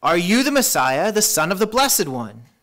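A man voicing an indignant male high priest who loudly demands answers from a prisoner, his voice raised and challenging, in a sermon reading. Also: big pitch swings, moderate pace. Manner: loud, challenging, raised pitch.

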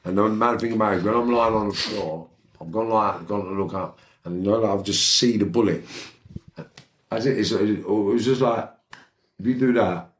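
Middle-aged London man, low-pitched and blunt, telling a streetwise story as a podcast guest. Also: normal speed. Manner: blunt, streetwise, rambling with restarts and "right?" asides. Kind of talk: casual storytelling in a podcast interview.

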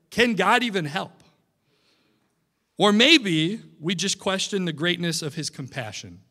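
A man's voice: high-pitched, lively intonation, unhurried, pushed and bright. A young man preaching a sermon in a church, in a conversational style with frequent "right?" asides. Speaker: pastor. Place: church sanctuary. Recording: long church hall reverb.

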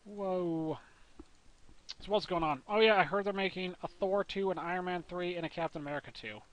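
A man's voice: high voice, fairly quick, dull audio. A young man giving casual, goofy, rambling commentary as he plays a game, talking to himself and his viewers. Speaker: let's play gamer. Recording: noisy home mic recording.

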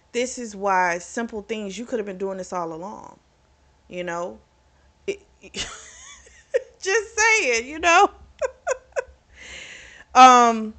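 A woman's voice: on the low side, fairly bright tone. A woman casually recapping a novel's plot for her book channel, talking loosely with plenty of fillers. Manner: chatty, retells scenes with lots of fillers. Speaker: book reviewer.

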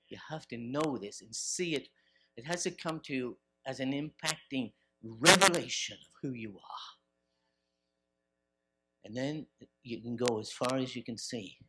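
A man preaching a sermon at a church service, swinging from forceful bursts to quiet stretches. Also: mid-range voice, background noise. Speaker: pastor.

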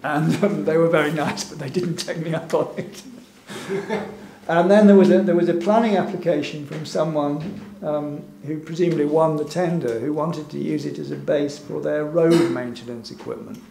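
A man with a somewhat high voice gives an informal talk over slides at a gallery event, hesitating often and chuckling wryly at his own stories. The room is echoey, with a faint hum underneath. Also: steady tone, normal speed, gravelly, mellow. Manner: hesitant, many fillers, wry and chuckling. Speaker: invited speaker.

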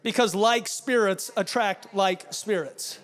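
A male pastor delivering a fiery sermon with forceful, shouted refrains. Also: high voice, slow pace, soft background music.

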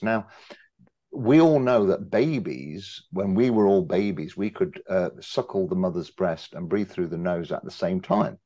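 A very deep-voiced older man makes his point from the audience, animated and emphatic as he builds up to a long question. The audio is dull and muffled, with a lo-fi feel. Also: a little slow. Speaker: audience member asking a question. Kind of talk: discussion after a talk.

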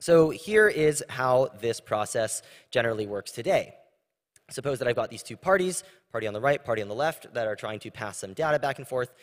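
A man's voice: mid-range voice, expressive, fairly quick. Man giving a casual technical talk. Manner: casual, conversational with frequent fillers. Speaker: conference presenter. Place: large conference room. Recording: long reverb of a large hall.

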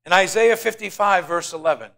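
Preacher guy, slightly high voice, goes quiet then booms, gets the church to say it back. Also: fairly quick, vocal fry. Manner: preaching with call-and-response, swinging from soft asides to loud emphasis. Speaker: pastor. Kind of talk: sermon.

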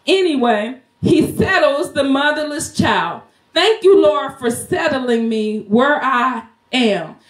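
High-voiced and lively in intonation, she speaks slowly yet barely pauses. Her Mother's Day sermon in a home church is fervent, with moments of singing and laughter woven in, all captured in an echoey room.

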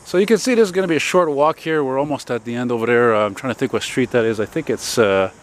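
A man's voice: medium pitch, fast talker. A man, chatting casually as he walks outdoors along a city street, rambling and swearing now and then. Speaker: vlogger. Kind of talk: casual walking commentary. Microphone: handheld camera while walking. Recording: noisy outdoor street recording. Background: passing traffic.

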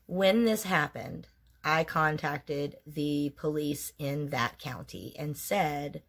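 A woman's voice: low voice, slow pace. A woman in her forties telling a painful personal story in a candid vlog, blunt and emotionally raw, with frequent swearing.

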